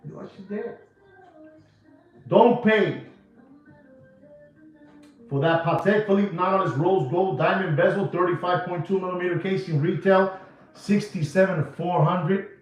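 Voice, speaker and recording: A New York watch dealer with a high-sitting voice rants to camera about the watch market, unhurried and leaving long pauses. His sales patter is emphatic, slangy and repetitive, and the recording sounds echoey, distant and dull, with music underneath.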